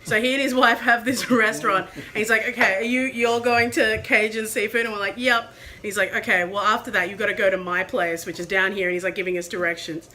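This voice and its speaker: A woman vlogger telling a story in casual chat, animated and laughing as she acts out the people she met. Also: mid-range voice, quick pace.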